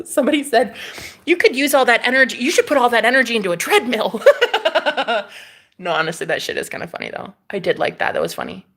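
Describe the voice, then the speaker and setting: Sassy, animated woman chatting live. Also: fairly high pitch, brisk. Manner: sassy, animated and laughing, talks back to viewers' comments. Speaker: livestream host. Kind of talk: casual spiritual livestream chat. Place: rented room indoors.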